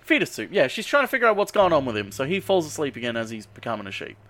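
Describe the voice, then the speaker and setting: A man's voice: on the high side, very animated, rapid-fire, a bit bright. A man on a podcast casually recapping a movie, swearing and rambling with lots of ums and uhs. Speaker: podcast host.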